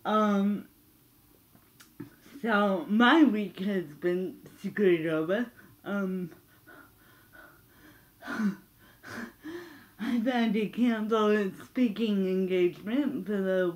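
A woman records a personal video diary at home, and she is out of breath. Her delivery is very slow and halting, broken by sighs and long pauses, at a middling pitch. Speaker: vlogger. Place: her flat.

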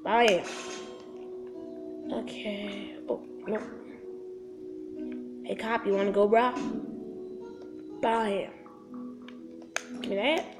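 A woman's voice: mid-range voice, fairly even intonation, very slow, pauses often, over music. A woman casually commenting on her gameplay, chatty and talking straight to her viewers with little sound-effect words. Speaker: gaming video host.

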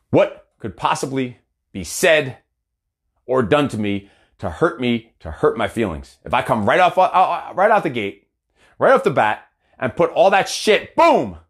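A man giving a blunt, heavily cursing motivational talk as an accountability coach. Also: a little high. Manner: blunt, heavy cursing, fired-up.

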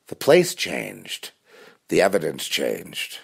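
A man's voice: a bass voice, lively intonation, moderate pace. A man talking intensely in a rambling spiritual monologue, full of restarts and fillers.

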